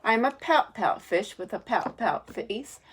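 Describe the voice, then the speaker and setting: A woman reading aloud as a gloomy male fish who pouts, in a slow, mopey sing-song. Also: fairly high pitch, animated, a little hiss or hum.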